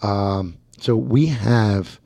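A man's voice: on the low side, vocal fry, dark tone, no room sound. A man co-hosting a podcast in casual chat, often stumbling and repeating words as he starts a thought. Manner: halting, repeats words when starting sentences. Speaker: podcast co-host.

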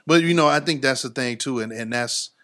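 A man's voice: medium pitch, a little fast, fairly bright tone. A man hosting a podcast interview, casual and affirming, often laughing along. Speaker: podcast host.

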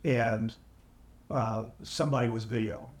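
A man's voice: mid-range voice, fairly even intonation, slight background noise. Man telling war stories in an echoey room. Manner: measured, vivid anecdotes with dry humor. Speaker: podcast guest, veteran. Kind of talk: conversational storytelling. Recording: echoey, AI-restored audio.

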